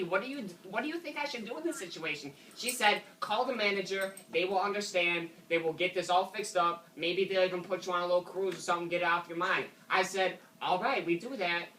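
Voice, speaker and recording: This prank caller's high voice comes out brisk and bright, forceful, with few pauses. His act is a rambling, indignant, fussy father who won't stop calling the manager sir. Faint noise sits under the distant mic.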